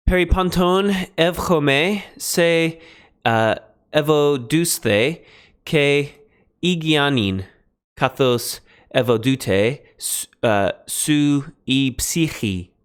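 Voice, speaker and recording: A man streaming a Greek translation lesson, thinking aloud in a halting way and pausing while he writes notes. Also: on the high side, expressive, clean tone. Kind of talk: relaxed live-stream teaching.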